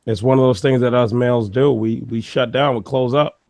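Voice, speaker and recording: A man's voice: mid-range voice, steady tone, brisk, gravelly, darkish tone, no room sound. A man talking as a guest on a casual livestream, rambling with lots of fillers in a confessional way.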